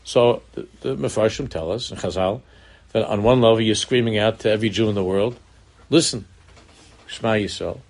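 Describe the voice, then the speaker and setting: A man's voice: lowish voice, brisk, a little mellow. Earnest man teaching Torah. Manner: earnest, repeats words, mixes Hebrew terms into English, rises in emphasis. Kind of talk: Torah lecture.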